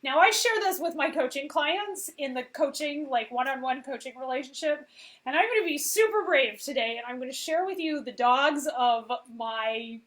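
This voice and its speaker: A woman's voice: high-pitched, a bit bright, rough recording. A woman in her forties, a veterinarian and coach, giving a casual motivational talk and often checking in with "okay?". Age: 40s.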